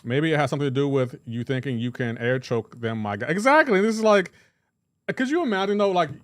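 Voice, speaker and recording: A man's voice: on the high side, big pitch swings, brisk, a bit bright, no echo, studio quality. A man chatting casually while livestreaming a mobile game, rambling, joking and greeting viewers by name. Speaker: game streamer.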